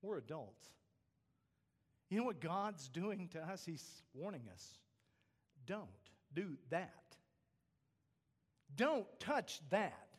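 A male pastor preaching a sermon, swinging between animated points and quiet asides, often checking in with "okay?". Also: on the high side, slow, pauses often, breathy edge. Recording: long reverb of a large hall.

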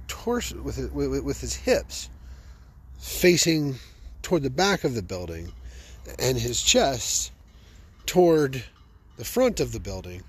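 A man spinning comic stories from his own life in an unhurried, husky voice. His pitch swings all over as he jokes, amused at his own tales. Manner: animated, joking, self-amused. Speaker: podcast host. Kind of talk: comic personal storytelling.

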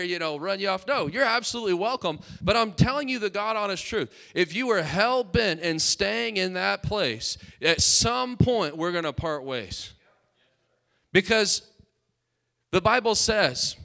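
A man preaching in church, his voice sitting a little higher than most men's. He delivers his sermon with fervent emphasis, hammering on repeated phrases and calling on the congregation to answer back. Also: normal speed, vocal fry, sharp tone. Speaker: pastor.

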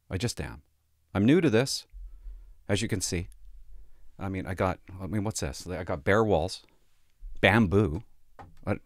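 Brief: low-voiced police officer, sarcastic and crude, swinging pitch, dry close sound. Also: male voice, lively intonation, unhurried, pauses often, no room sound. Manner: blunt, sarcastic, profane. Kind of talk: casual storytelling vlog. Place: sparse home office.

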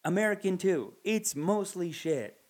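A man from Canada tells loose, rambling comic stories on his podcast. His voice sits a little higher than most men's. He swears casually and acts out bits as he goes. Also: lively intonation, unhurried, darkish tone. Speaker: podcast host. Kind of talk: casual comedic storytelling.

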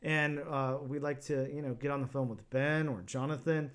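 A man co-hosts a comics podcast in a relaxed, chatty way. He rambles and restarts his sentences often. His voice sits at an ordinary middle pitch. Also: moderate pace. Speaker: podcast co-host. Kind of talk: casual podcast chat.

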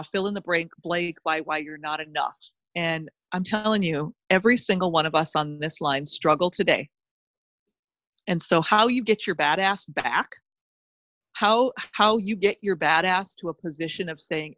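Fired-up woman with a low, dry voice. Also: normal speed, fairly bright tone, no room sound. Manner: fired-up, emphatic, repeats phrases. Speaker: podcast guest. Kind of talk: motivational pep talk. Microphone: close podcast mic.

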